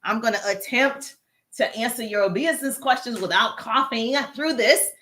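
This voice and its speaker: A woman's voice: on the high side, normal speed, bright, forceful tone. A woman with a Southern US accent hosts a live business Q&A stream, greeting viewers in the chat with upbeat energy while walking on a treadmill and getting over a cough. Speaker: livestream host, business coach.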